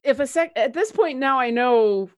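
A woman's voice: high voice, animated, moderate pace. A woman playing a tabletop role-playing game, polite and careful as she explains her moves. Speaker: player.

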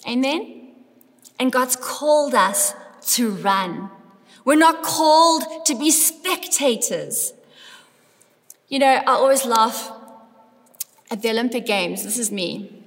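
A middle-aged woman preaching a lively sermon in a church, building up to emphatic calls to her congregation. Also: on the high side, slow pace, pauses often. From South Africa. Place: church hall. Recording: long hall reverb.

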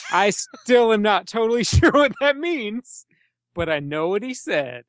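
Lively man laughing through film chat. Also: high voice, unhurried, no echo. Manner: laughs often, swears freely, jumps into impressions. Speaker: podcast co-host. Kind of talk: casual film-discussion chat.

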